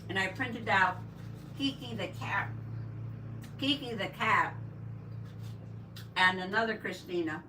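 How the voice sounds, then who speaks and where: An older woman hosting a casual crafting livestream, chatting warmly and greeting viewers by name as she reads the chat. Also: mid-range voice, takes it slowly, pauses often. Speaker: livestream host. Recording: roomy, distant mic, faint background noise.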